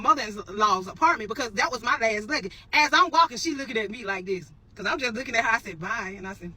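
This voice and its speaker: Animated woman telling a story straight to camera. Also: a little high, rough recording. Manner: animated, addresses viewers as y'all, emphatic repetitions. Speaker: storytelling vlogger. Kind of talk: casual storytelling to viewers.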